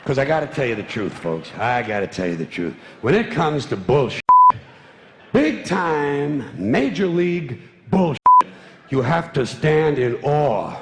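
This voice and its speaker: Gravelly man ranting on a roomy stage. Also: mid-range voice, sing-song, a little slow, darkish tone, slight background noise. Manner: emphatic, repeats phrases. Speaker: stand-up comedian. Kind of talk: stand-up routine. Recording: roomy live hall recording.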